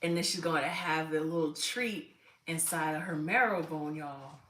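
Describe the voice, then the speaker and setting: A woman's voice: deep voice, moderate pace, a bit bright, distant mic. An older woman hosting a casual livestream, chatting straight to her viewers from home on a phone camera. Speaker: livestream host. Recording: echoey room, voice off-mic, faint noise.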